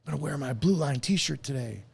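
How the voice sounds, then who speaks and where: A man's voice: medium pitch, expressive, fairly quick, vocal fry, darkish tone, breathy edge, full character voice. A man mocking a smug police fan. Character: smug male police supporter, mocking caricature.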